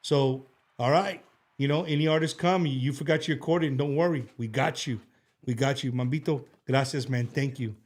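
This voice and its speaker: A man hosts a casual show from a studio, with a voice sitting in an ordinary middle register. He rambles warmly and sincerely, circling back with fillers and false starts. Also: medium pitch, moderate pace. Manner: rambling, heartfelt, with many restarts and fillers. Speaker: show host. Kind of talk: casual talk-show chat.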